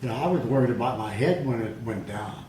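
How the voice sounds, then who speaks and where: A man's voice: medium pitch, lively intonation, a little fast, dark tone. An older man, a grandfather, with a worn voice, telling family stories with dry, wry humor. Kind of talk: casual family chat. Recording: echoey room with faint noise.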